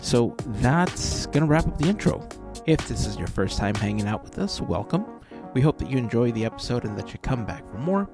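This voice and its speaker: A man's voice: mid-range voice, sing-song, brisk, music in the background. A man hosting a podcast, chatting casually and rambling through stories with many restarts. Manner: rambling, self-correcting storyteller. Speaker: podcast host.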